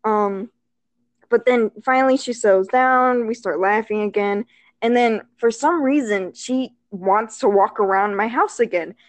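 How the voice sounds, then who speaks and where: Chatty woman guest, high-ish voice, dry room sound; rambling anecdote with fillers and laughter. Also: a little slow, no room sound. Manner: rambling, filler-heavy, laughs often, acts out quotes. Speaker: storyteller on a chat show. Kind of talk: casual storytelling chat.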